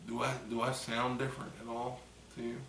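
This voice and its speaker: A man chatting casually on a vlog, rambling through a story with bursts of loud acted screams after a few drinks. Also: mid-range voice, monotone, brisk, a little hiss or hum. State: tipsy from drinking. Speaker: vlogger. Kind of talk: casual chat. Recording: echoey room, mic at a distance.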